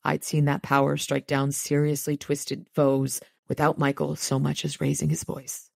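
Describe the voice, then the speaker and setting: A woman's voice: low-pitched, monotone, moderate pace, gravelly, a little mellow, dry recording, studio quality. A woman hosting a podcast, reading a novel aloud and adding chatty, enthusiastic asides. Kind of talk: reading aloud with casual commentary.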